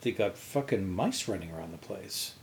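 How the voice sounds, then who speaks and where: Animated man telling a story. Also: moderate pace, gravelly, slight background noise. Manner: animated storyteller, acts out quotes with big pitch jumps, swears freely. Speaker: podcast co-host. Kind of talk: casual storytelling chat.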